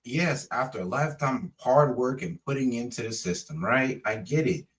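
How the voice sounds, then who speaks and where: A man's voice: medium pitch, lively intonation, moderate pace. A man casually reacting to a video, sarcastic and incredulous. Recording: voice a bit distant from the mic.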